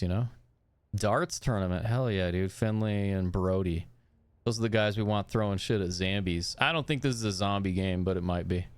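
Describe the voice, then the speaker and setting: A man streaming a horror game, rambling, crude and joking as he plays. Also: on the low side. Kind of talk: casual gameplay commentary.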